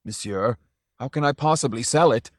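A man's voice: medium pitch, moderate pace, no echo, studio quality, lightly acted. A man voicing a poor old man in an audiobook story, speaking in raised, heated bursts. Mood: sorrowful. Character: poor old man, outraged then sorrowful.

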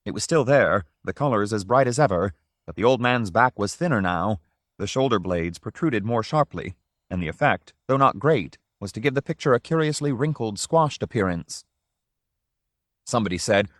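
A man reads a story aloud in a measured, even storytelling manner. His voice sits fairly low. The recording is dry and close, with no room echo. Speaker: narrator. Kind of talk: scripted audiobook narration.

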